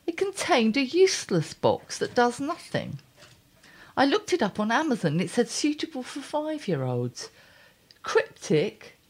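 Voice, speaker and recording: Wry, blunt woman with a lively voice. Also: a little high, unhurried, slightly rough. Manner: wry, blunt, exasperated asides. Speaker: columnist and podcast host. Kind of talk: reading her column aloud with chat.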